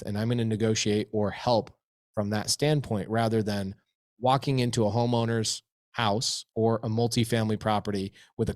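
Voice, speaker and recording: A man's voice: mid-range voice, no echo, studio quality. A man being interviewed, telling business stories with emphatic repetition. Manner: emphatic, repeats phrases for effect. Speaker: interview guest, real estate investor. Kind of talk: energetic storytelling in an interview.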